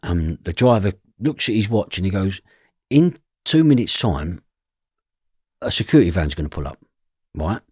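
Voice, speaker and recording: This low-pitched, husky man with an East London accent has a sing-song delivery, a darkish tone, normal speed and long pauses. As a podcast guest, he recounts his past and imitates other people's voices, recorded dry in a clean studio.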